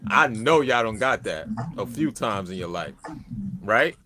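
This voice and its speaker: A man's voice: on the low side, expressive, a little slow, noisy background. A man co-hosting a casual online panel chat, playful and teasing as he jokes with the guests.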